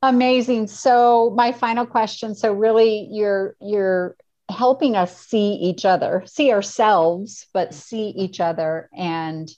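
A woman's voice: medium pitch, fairly even intonation, takes it slowly, mellow, dull audio. A woman hosting an interview, affirming and encouraging as she asks her questions. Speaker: podcast host.

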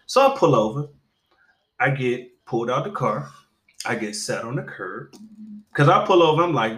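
Man telling a story in casual conversation: animated, profane, stammering restarts, echoey room. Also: medium pitch, moderate pace, pauses often.

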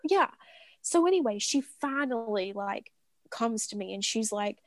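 A woman co-hosting a podcast in casual chat, talking in an expressive way and playing out what people said. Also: on the high side, a little slow, no room sound. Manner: chatty and expressive, plays out quoted talk. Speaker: podcast co-host.

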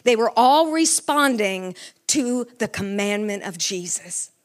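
A woman's voice: medium pitch, animated, slow pace. A middle-aged woman preaching a sermon with fervor, asking the congregation questions. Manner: fervent, asks the congregation questions.

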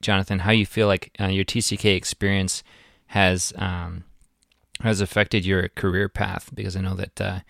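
Male interviewer, deep gravelly voice, dry sound, halting questions. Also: level tone, fairly bright tone, dry recording. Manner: hesitant, many fillers. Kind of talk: casual interview.

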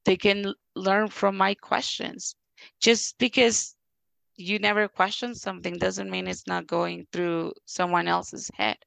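Gravelly-voiced woman telling stories. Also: medium pitch, flat delivery, measured pace, a bit bright, dry recording. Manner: earnest, acts out voices in her anecdotes. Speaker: podcast guest. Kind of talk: reflective personal storytelling.

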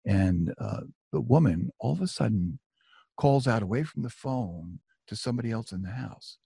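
Gravelly, husky middle-aged male storyteller. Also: medium pitch, expressive, moderate pace, mellow, no echo, clean studio sound. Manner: conversational, self-deprecating, with asides. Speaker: author and storyteller. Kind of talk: personal storytelling.

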